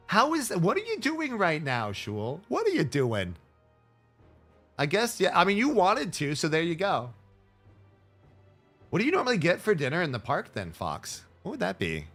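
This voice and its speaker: A male game streamer chatting casually, excitable and jokey as he reacts to the game. His voice is fairly high for a man and bounces all over in pitch. Faint music plays behind him. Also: normal speed. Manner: excitable, jokey running commentary. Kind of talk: casual gaming stream chat.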